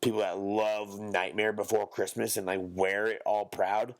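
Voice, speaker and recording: A young man, a podcast co-host, ranting bluntly and profanely in casual talk, now and then mocking others in a squeaky high voice. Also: level tone, unhurried.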